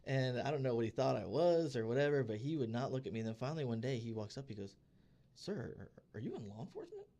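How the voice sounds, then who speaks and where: A man co-hosting a podcast, telling stories in a casual, animated way and acting out the people he quotes. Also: medium pitch, fast, few pauses. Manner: animated storyteller who acts out quoted people. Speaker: podcast co-host. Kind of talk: casual chat, storytelling. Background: podcast studio.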